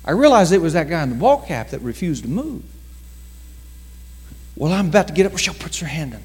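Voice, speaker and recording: Male pastor, animated storyteller, lots of pitch movement, long church-hall reverb. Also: breathy edge. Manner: dramatic storytelling with slowed emphasis and acted quotes. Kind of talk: sermon storytelling.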